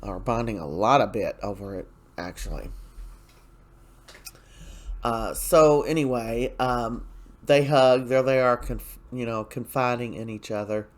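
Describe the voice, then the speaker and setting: A man talks through a soap opera episode in a loose, conversational way. He is opinionated, often stops for "uh" and "you know", and goes off on asides as he tells the story. His voice sits at an ordinary middle pitch. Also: unhurried. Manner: chatty and opinionated, with frequent fillers and asides. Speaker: soap opera recap host. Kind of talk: casual spoken episode recap.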